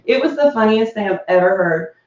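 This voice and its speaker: A woman's voice: medium pitch, animated, brisk, echoey room, muffled recording. A woman chatting casually while getting ready at home, bubbly and rambling, laughing often and prone to coughing fits. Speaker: beauty vlogger. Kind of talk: casual chat.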